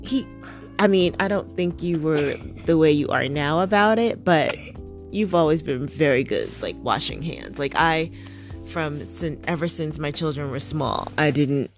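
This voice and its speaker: A woman's voice: low voice, animated, unhurried, faint music behind. A woman and mother hosting a podcast, chatting casually and earnestly with frequent fillers and restarts. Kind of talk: casual chat.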